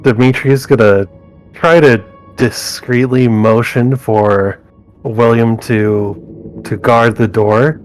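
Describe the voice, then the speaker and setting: A man's voice: mid-range voice, fairly even intonation, slow, soft background music. A man playing a tabletop game, describing his character's actions with hesitant restarts. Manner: hesitant, restarts while deciding. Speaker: player.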